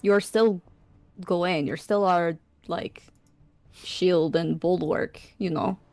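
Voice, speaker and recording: A woman's voice: lowish voice, a little mellow, no echo. Earnest woman playing a tabletop character. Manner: earnest, halting, many fillers. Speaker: player. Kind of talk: in-character tabletop role-play.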